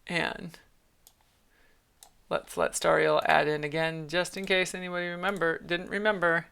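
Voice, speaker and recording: A woman chatting casually on a livestream as she writes, thinking aloud and reading drafts back. Her voice is gravelly with a fry, bright and forceful, and sits fairly low. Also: little pitch movement, moderate pace, pauses often. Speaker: author streaming her writing. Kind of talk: casual livestream talk while writing.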